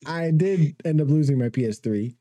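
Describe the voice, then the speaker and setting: A man's voice: fairly high pitch, animated, moderate pace, mellow, slight background noise. A young man and podcast co-host telling a rambling story in casual chat, laughing through it.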